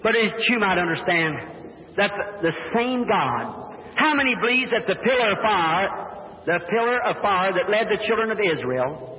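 High-voiced fervent preacher. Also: male voice, animated, normal speed. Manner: fervent, retells conversations, asks the congregation questions. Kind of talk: sermon with storytelling. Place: church hall. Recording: echoey hall over a tinny old line.

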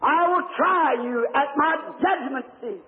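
High-voiced preacher in an echoey hall. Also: male voice, measured pace. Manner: fervent, rising to shouts on key lines. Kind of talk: sermon storytelling. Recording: echoey hall on tinny old tape.

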